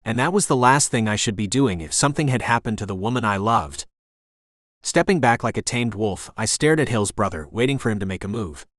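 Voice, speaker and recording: A man's voice: fairly low pitch, animated, a little fast, a bit bright, no room sound. A man narrating a romance audiobook in the first person, with an intense, dramatic delivery on a studio microphone.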